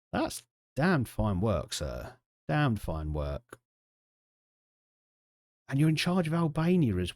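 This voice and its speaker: This is casual live-stream commentary from a man playing a football management game, who jokes around and reacts to chat and the match. His medium-pitched voice is a little mellow, captured in a dry, studio-quality recording.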